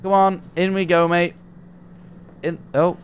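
A man's voice: high-pitched, flat delivery, a little slow, slight background noise. A young man streaming a horror game, nervous and jumpy, swearing and talking to himself as he plays. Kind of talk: live gameplay commentary.

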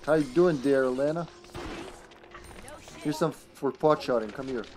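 A man streaming a video game live, chatting casually and playfully, breaking into excited shouts. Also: medium pitch, unhurried, soft background music. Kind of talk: live gameplay commentary.

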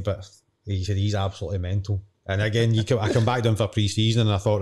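Ex-footballer guest, thirties; lowish voice, matey, rambling anecdotes. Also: male voice, level tone, fast talker, a little mellow. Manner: chatty, matey, retells quotes. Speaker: podcast guest, former footballer. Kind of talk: casual interview storytelling.

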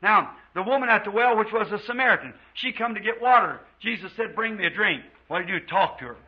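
High husky american preacher guy, fervent sermon in a church, muffled old tape sound. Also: animated. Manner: fervent preaching, drawn-out quotes of scripture. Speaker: pastor. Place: church before a congregation.

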